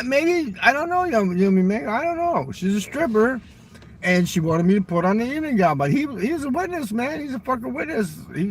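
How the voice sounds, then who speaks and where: A male vlogger with a voice a bit higher than most men's rambles through crude stories in a loose, profane monologue. He's outdoors near a railroad crossing, with faint traffic noise in the background.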